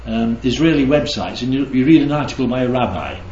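A man leads a Bible study with a lively, rising and falling voice, constantly checking in with his listeners. The sound is roomy and a little dull. He teaches in an interactive, conversational way. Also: mid-range voice, fast talker, slight background noise. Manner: keeps checking in with the group. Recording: roomy, slightly dull recording.

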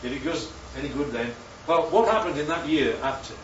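A man's voice: a little high, fairly quick, slight background noise. Male preacher in an echoing hall. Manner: animated, rhetorical questions, swoops up for emphasis. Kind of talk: sermon. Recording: roomy, distant, dull sound with faint ambience.

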